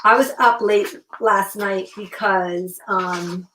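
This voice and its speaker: On her livestream, a middle-aged craft vlogger from Connecticut works on a craft journal while casually rambling through memories. She speaks slowly in a medium pitch with a steady tone, and there's background noise.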